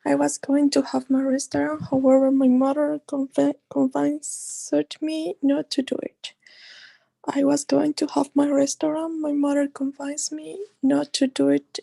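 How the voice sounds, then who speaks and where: A woman student reads example sentences aloud, slow and careful. Her voice is high and very gravelly, with a mellow, dark tone and little rise and fall. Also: level tone, rough recording. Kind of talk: reading aloud in class.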